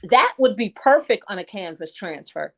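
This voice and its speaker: A woman's voice: mid-range voice, moderate pace. A woman telling stories in casual chat on a livestream call. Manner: animated storyteller. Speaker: livestream guest.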